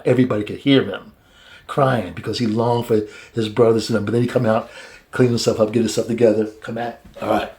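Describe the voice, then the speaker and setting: A man teaching a Bible study, retelling the story casually and acting out the characters in high, excited voices, laughing often.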